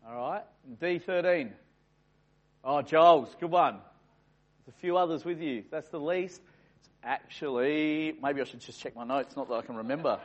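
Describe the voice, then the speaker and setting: A man's voice: fairly high pitch, normal speed. An Australian man running a playful quiz for a room of people, teasing and chatting with them as he goes. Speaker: quiz host for a live group. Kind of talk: playful quizmaster banter. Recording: muffled lo-fi recording.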